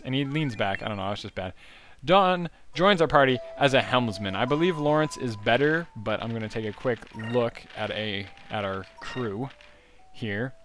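A man's voice: medium pitch, a bit bright. A man hosting a let's play video, chatting casually and rambling over the gameplay. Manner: rambling and upbeat, with frequent fillers. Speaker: gaming channel host. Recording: game music behind the voice.

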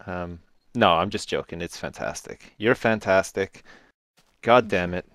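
Male gamer co-host, dry teasing wit, lower voice, dry close mic. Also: unhurried, fairly bright tone, no room sound. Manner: sarcastic teasing, laughs a lot. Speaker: co-host Minecraft let's play. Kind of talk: casual gaming chat.

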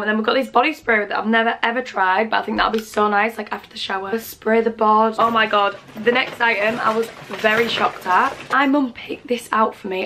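A young British woman excitedly chatting through her presents in a casual vlog. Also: a little high, a little hiss or hum. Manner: gushing, chatty, full of fillers. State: out of breath. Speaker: vlogger. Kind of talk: casual gift haul vlog.

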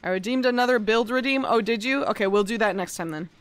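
A woman's voice: fairly high pitch, quick pace, dry recording. A woman streaming a game live, chatting casually with viewers in a playful, profane way. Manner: playful, profane, bursts into gasps and laughs. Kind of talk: casual live-stream chat while gaming.

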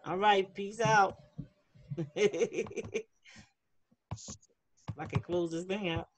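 A woman's voice: mid-range voice, extremely slow. A woman leading a children's class over a video call, chatty and encouraging as she reads the chat aloud. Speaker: online youth class leader. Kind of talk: casual online class for kids.

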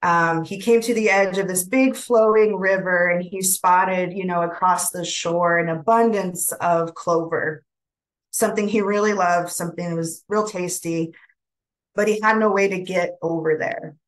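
A woman with a somewhat low voice tells a traditional animal story to a webinar audience. She speaks gently and without hurry, and the telling is dotted with soft fillers. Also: steady tone, poor audio. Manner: gentle, unhurried, many fillers. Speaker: webinar presenter. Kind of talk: oral storytelling.

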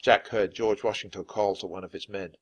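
A man reading a children's chapter book aloud clearly and expressively for language learners. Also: fairly low pitch, steady tone, fairly quick, dry recording. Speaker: storybook reader.

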